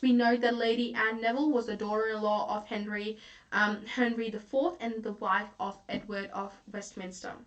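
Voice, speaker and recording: A woman's voice: on the high side, a bit bright, recorded from a distance. A young woman tutoring an online literature lecture, chatty, with many fillers and self-corrections.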